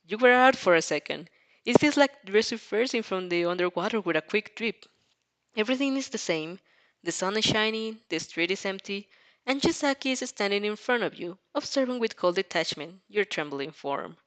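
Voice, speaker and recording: A woman reads fanfiction aloud at a middling pitch, in an unpolished, casual way. She trips over words here and there and carries on reading. It sounds like a home reaction reading. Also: animated, moderate pace, fairly bright tone. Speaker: fanfic reader.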